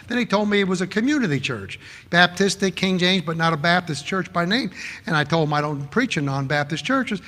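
Brief: male preacher, animated anecdotal sermon, bright edgy tone, church-hall reverb. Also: sits high. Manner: animated storytelling, acts out quoted people.

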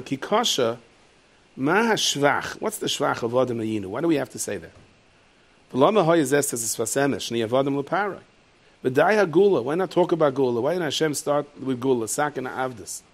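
A man delivers a Torah lecture as a rabbi. He tells stories energy. His voice swings high and loud whenever he acts out a character. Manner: lively storyteller, leaps into high shouted voices for characters. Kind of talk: animated Torah lecture with storytelling.

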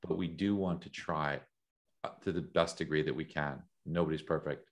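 A middle-aged American man talking as an interview guest, thoughtful and measured, often repeating words as he thinks. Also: extremely low pitch, steady tone. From United States. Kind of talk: reflective interview talk.

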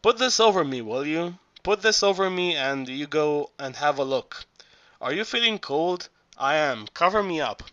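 A man's voice: fairly high pitch, lively intonation, moderate pace, a bit bright, dull audio. A man voicing a frightened, aging, vain woman who pleads and trembles in an audiobook.

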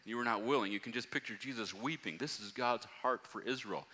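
A man preaching a sermon, reading scripture aloud and rising to loud, emphatic passages. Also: medium pitch, quick pace. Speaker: pastor. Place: church hall. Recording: long hall reverb.

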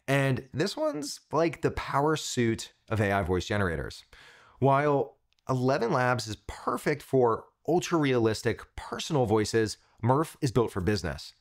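An enthusiastic male host walks viewers through software in a scripted review. His voice is of middle pitch and swings widely in lively, animated phrasing, with quick punchy asides. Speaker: tech tutorial host. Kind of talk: upbeat scripted product review.

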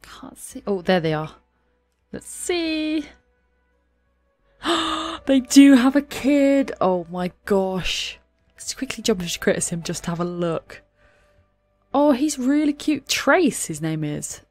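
Woman, let's play host, lively chatty delivery full of gasps and giggles, close dry desk-mic sound. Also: mid-range voice, a little slow, long pauses, dry recording, faint music behind. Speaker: gaming channel host. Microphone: desktop USB microphone.

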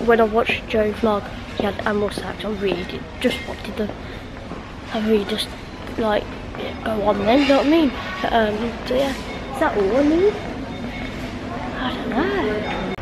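A young woman, chatting casually and unsurely to her camera in a vlog, often trailing off. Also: on the high side. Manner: rambling, unsure, sighing and muttering. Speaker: vlogger. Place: at home indoors, then outdoors walking to a supermarket. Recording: noisy handheld vlog recording.

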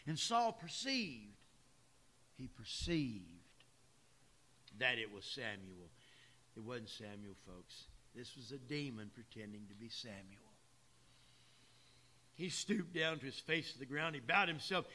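This pastor's mid-range voice is sing-song, pushed and bright, and a little slow. Preaching in church, he uses plain, emphatic language aimed right at the congregation, with folksy asides along the way.

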